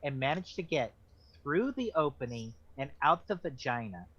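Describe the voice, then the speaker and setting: A man chiming in with rambling, halting jokes during a book club reading. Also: mid-range voice, big pitch swings, a bit bright, slightly rough. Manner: rambling, halting jokey asides. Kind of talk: casual joking commentary. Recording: dull lo-fi mic.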